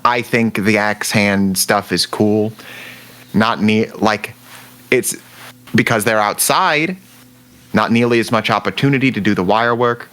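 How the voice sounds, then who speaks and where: Young man, podcast co-host, lowish voice, rambling casual chat. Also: a little slow, smooth. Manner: rambling, searches for words, animated when excited.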